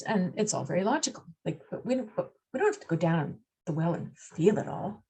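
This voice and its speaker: A woman's voice: on the low side, sing-song, fairly quick, hardly any pauses, dark tone, breathy edge. A woman explaining astrology in a casual talk, acting out the voices of the signs and laughing at herself.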